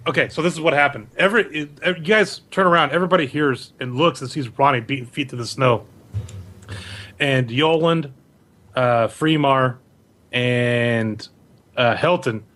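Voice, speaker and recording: Bright-voiced man running a tabletop game. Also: mid-range voice, unhurried, pauses often. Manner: loose, rambling, stumbles over names. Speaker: game master.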